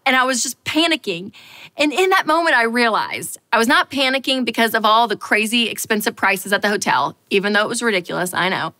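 During a personal finance talk, a woman tells a story in a lively, playful way, repeating lines for effect. Her voice sits a little high and her pace is brisk.

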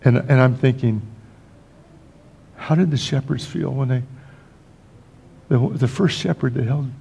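In a church sanctuary, an older man preaches a storytelling sermon as pastor, spinning folksy tales with joking asides and often restarting. He speaks unhurriedly at medium pitch, his dark tone touched by vocal fry, over a slight hiss or hum.

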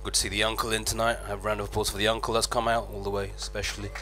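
A man's voice: lowish voice, level tone, very fast, very noisy. A man with a British accent doing stand-up and teasing the audience in a brash, cheeky way on a club stage. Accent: British English. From Britain. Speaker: stand-up comedian. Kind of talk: stand-up comedy, crowd work. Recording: live club with loud crowd.

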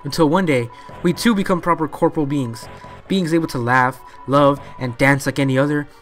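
A man voicing a furious ghost that lives inside a training dummy, ranting and shouting insults in a video game. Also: fairly high pitch, a little fast, faint music behind, close to an everyday voice. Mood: angry.

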